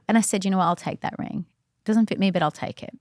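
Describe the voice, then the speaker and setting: Lively woman telling a story. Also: mid-range voice, fast talker, dry recording, clean studio sound. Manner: animated, frequent fillers and restarts. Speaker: podcast guest. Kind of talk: casual storytelling.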